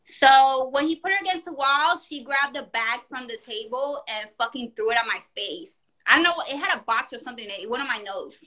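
A woman in casual chat, telling a story in an animated, profane way and acting out the quotes. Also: sits high, fairly quick.

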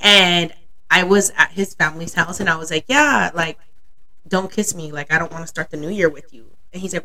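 Bright-voiced young woman podcast host. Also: lowish voice, brisk. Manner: candid storytelling, laughs often. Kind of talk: casual chat.

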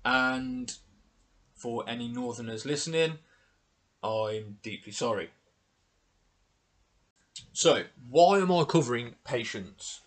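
A man's voice: medium pitch, measured pace, pauses often, a bit bright. A man hosting his own solo podcast, talking casually and candidly, with some self-deprecating humour and the odd swear word. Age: adult with children. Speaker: podcast host.

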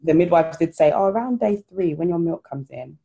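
A woman's voice: lowish voice, lively intonation, a little fast, mellow, husky. A woman and new mother chatting casually, telling stories and acting out what people said. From Ghana. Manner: chatty, storytelling, acts out quoted voices. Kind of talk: casual chat.

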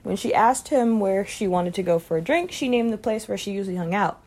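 A woman reading a short story aloud in a calm, even manner. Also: mid-range voice, a little fast. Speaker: reader.

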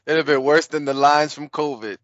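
A man's voice: fairly high pitch, fairly even intonation, a little fast, a bit bright, no room sound. A man in casual chat who chimes in with short reactions and laughs along. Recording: dull, dry lo-fi recording.

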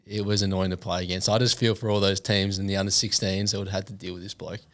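A young man as a podcast guest, answering in a laid-back, measured way. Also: low voice, little pitch movement, fairly bright tone, no room sound, studio quality. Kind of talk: casual chat.

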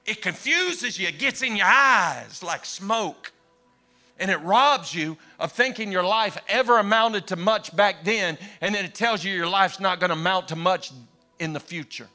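A man preaching a storytelling sermon, swinging from loud exclamations to hushed retelling and acting out the voices in his story. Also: sits high, moderate pace, soft background music. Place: church.

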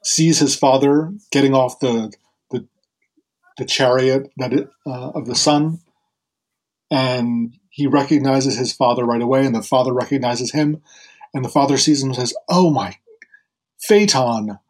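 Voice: medium pitch, fairly even intonation, moderate pace, darkish tone, rough recording. Chatty storyteller retelling a myth. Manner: chatty, frequent fillers and laughs. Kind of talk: casual storytelling.

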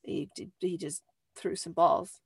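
A fairly low, steady female voice with a breathy edge moves a little slowly, with no echo. She's a podcast host in a tight little room using a close desk mic, casually recapping a show while rambling through many "like" fillers and apologetic asides.

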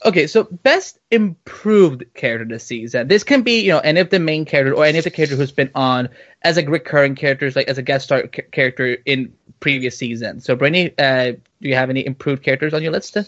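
A man co-hosting a casual podcast, talking in an animated, rambling way with lots of fillers. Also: medium pitch, quick pace, highs cut off. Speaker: podcast co-host.

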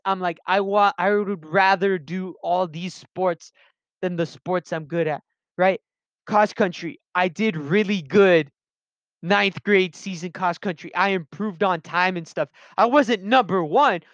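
A man's voice: high-pitched, a bit bright, clean tone, dry recording. A young man rambling through personal stories in a casual, slangy monologue, often interrupting himself. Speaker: vlogger telling personal stories. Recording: dull lo-fi sound.

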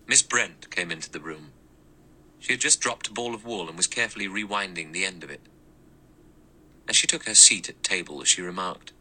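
Male audiobook narrator, deep voice with a bright, sharp edge, measured read. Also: rough recording. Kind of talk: scripted narration.

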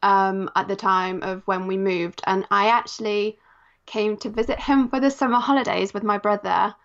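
A woman from Poland, Polish her first tongue, now speaking with a settled English accent. She is a guest on a podcast, talking thoughtfully with soft fillers as she remembers. Her voice sits mid-range and the recording sounds a touch muffled. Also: mid-range voice, fairly even intonation, moderate pace. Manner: reflective, with frequent "kind of" and "um". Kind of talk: podcast interview.

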